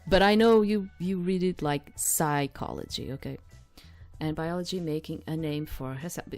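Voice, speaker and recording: Low-voiced gamer girl rambling over a visual novel, english not her first language, soft music under her. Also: moderate pace. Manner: chatty, rambling asides, thinking aloud. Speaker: game streamer. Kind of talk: reading a visual novel aloud with side commentary.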